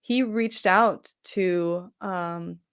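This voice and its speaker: A woman's voice: fairly low pitch, drawn-out words, clear, resonant tone. A woman author talking over a video call in a casual, enthusiastic way, often restarting her sentences. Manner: chatty and enthusiastic, with frequent restarts and filler. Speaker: traditionally published novelist, guest. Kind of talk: casual live-stream chat.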